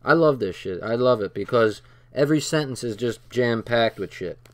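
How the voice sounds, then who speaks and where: A man hosts his channel, reading from a text and commenting on it bluntly, casually and profanely, drawing on stories from his own life. His mid-range voice is animated and moderately paced. Heavy background noise fills the recording.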